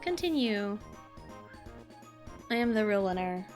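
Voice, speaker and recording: A woman's voice: mid-range voice, sing-song, takes it slowly, a little mellow. A young woman from Kansas with a Midwestern accent, chatting casually and giggling while she streams a game. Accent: Midwestern American. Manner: giggly, chatty, frequent laughs. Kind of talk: casual live-stream chat while gaming. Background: faint game music.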